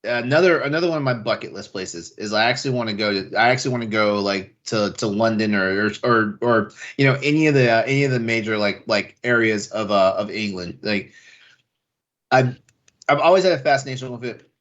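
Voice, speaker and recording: A man's voice: on the low side, a little fast, fairly bright tone. A man co-hosting a podcast in casual chat, rambling with many restarts and fillers. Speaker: podcast co-host. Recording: slightly dull lo-fi audio.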